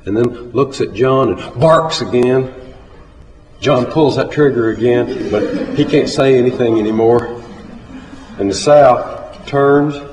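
A man telling a story live on a stage in a large hall, measured and unhurried, rising to loud urgency at the tense parts. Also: medium pitch, slight background noise. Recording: echoey hall with faint ambience.

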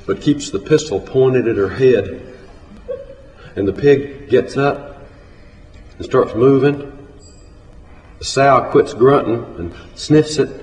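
Slow-talking man telling a story. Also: mid-range voice, darkish tone. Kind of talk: live oral storytelling. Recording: echoey hall, faint ambience.

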